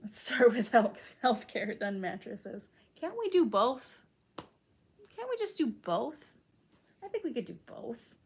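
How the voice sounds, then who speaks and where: A woman's voice: on the high side, sing-song, slow, husky. A young woman from Chicago chatting casually with her stream's chat, full of "like" and casual swearing. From Chicago, United States.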